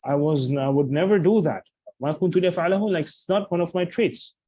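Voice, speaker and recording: A man's voice: on the high side, moderate pace, mellow, slightly rough, no room sound, poor audio. A man teaching Arabic grammar in a lecture, explaining patiently and restating each point with examples.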